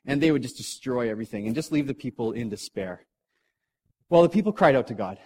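A middle-aged man preaching to a live audience in a hall, telling a story in a casual, animated way, with jokes and acted voices. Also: mid-range voice, fast talker, a little hiss or hum. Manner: animated, jokey, acts out characters.

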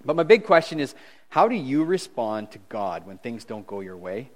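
A middle-aged man preaching a conversational sermon as pastor, animated and swinging between loud and hushed, chuckling at his own jokes. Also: medium pitch, moderate pace.

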